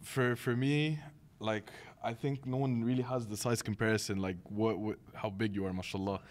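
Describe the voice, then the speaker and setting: A man's voice: fairly low pitch, fairly even intonation, normal speed. A man hosting a casual interview, asking curious, easygoing questions. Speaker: podcast host.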